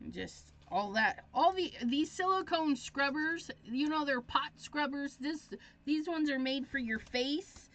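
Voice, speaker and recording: A woman hosting a crafting tutorial, chatting casually and thinking aloud, easily excited as she works. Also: high-pitched, a little slow, hardly any pauses. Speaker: craft demonstrator. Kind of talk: live crafting tutorial chat.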